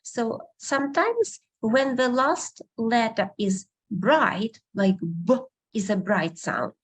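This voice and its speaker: A woman from Russia, patiently teaching a beginner language class online and repeating words slowly for her students. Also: mid-range voice.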